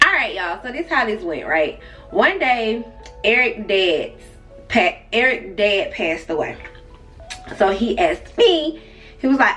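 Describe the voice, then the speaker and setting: A woman's voice: mid-range voice, sing-song, a little slow, sharp tone. A young woman vlogger telling a casual story, chatty and speaking straight to her viewers with side remarks. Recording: distant mic with faint music.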